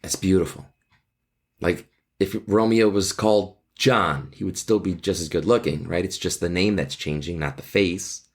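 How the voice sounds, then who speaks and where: A man hosting a podcast walks through a classic play in a loose, chatty way. His voice sits a bit low for a man, and he keeps the tone playful, tossing in jokes as he explains. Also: normal speed. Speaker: podcast host and teacher. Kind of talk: casual commentary on a play.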